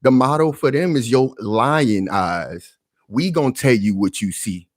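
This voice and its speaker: A man's voice: medium pitch, animated, a little slow. A man giving casual reaction commentary, emphatic and full of street slang, often calling out to his viewers.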